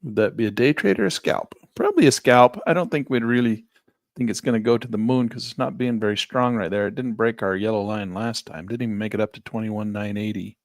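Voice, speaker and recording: Man, gravelly voice, dry close headset sound, chatty live trading lesson, talks through each click. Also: lowish voice, a little fast, no room sound. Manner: chatty, thinks aloud while clicking through charts. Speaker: trading instructor. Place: small office near a parking lot. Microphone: headset mic.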